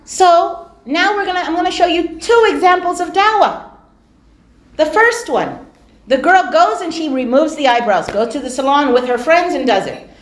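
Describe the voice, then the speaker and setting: A woman giving a religious lecture as a storyteller, animated, acting out the voices of the people in her stories and repeating words for emphasis. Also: high voice, normal speed. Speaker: Islamic lecturer. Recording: echoey hall.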